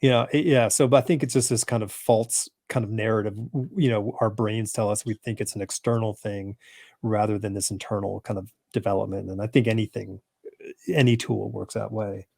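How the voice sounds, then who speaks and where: A man's voice: on the low side, steady tone, fairly quick, creaky, darkish tone, dry recording, studio quality. A man hosting a casual podcast chat, telling stories with bursts of emphasis and frequent restarts. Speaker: podcast host.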